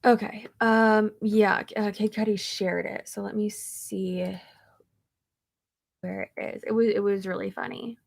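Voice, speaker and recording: A woman's voice: medium pitch, fairly even intonation, unhurried, vocal fry. A woman vlogger chatting casually, rambling through a story with lots of fillers and restarts. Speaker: beauty vlogger.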